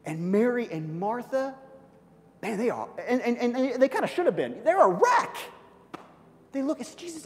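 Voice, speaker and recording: A man preaching a sermon, dramatic, swinging from loud, high outbursts to soft, hushed passages. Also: big pitch swings, moderate pace, in a large hall. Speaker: pastor.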